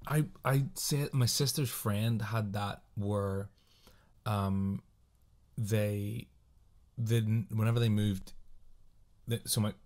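Deep-voiced man reading spooky anecdotes. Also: fairly even intonation, a little mellow. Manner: chatty, playful, quick asides. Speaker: podcast co-host.

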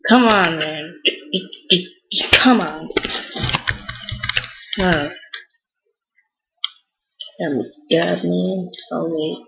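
Young woman, casual let's play commentary, easily frustrated, lots of exclamations, unhurried. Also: lowish voice, vocal fry, lo-fi sound. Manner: excitable, exclaims often, frustrated outbursts. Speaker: gamer.

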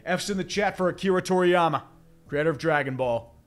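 A man's voice: sits high, a little fast, faint music behind. A man with a stuffy nose, hosting a live stream, chatting in a rambling way, reading out chat questions and swearing now and then. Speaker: livestream host reading chat. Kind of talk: casual live commentary.

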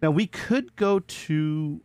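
A man's voice: a little high, animated, slow pace, a little mellow, smooth, no echo. A man giving casual gameplay commentary, chatting to the animals he meets and laughing often as he plays. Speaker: gaming video host.

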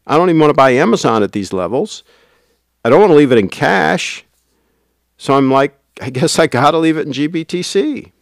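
A man's voice: fairly high pitch, animated, brisk, gravelly, no echo, clean studio sound. A man hosting a casual livestream, rambling and reading out viewer comments. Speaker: livestream host.

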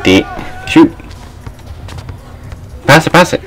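A young man giving loose, trash-talking commentary while he plays a basketball video game, often shouting at his teammates and the game. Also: slow, crowd noise, background noise. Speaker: gaming channel host. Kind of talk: live gameplay commentary.

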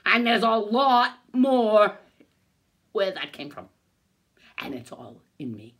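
A woman's voice: medium pitch, very animated, slow pace, a bit bright, husky. An older woman filming herself in an agitated, angry rant, swearing, stammering and breaking into bitter laughs. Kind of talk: angry self-filmed rant.

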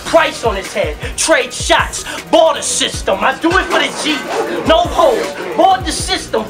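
A man performing a battle rap, aggressive and taunting, shouting his punchlines. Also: very high-pitched. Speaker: battle rapper.

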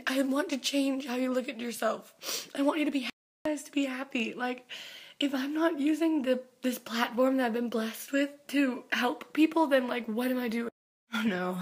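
A young woman singer who has just been crying, talking earnestly to her fans, often dropping into a whisper. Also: a little high. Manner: earnest, breathy, drops to whispers, many "like"s. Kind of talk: emotional vlog address to fans.

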